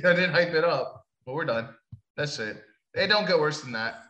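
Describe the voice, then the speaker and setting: Male co-host, casual, lively and bright, swears a lot, echoey room. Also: on the high side, moderate pace, highs cut off. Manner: animated, swearing, jokey. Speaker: podcast co-host. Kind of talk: casual chat.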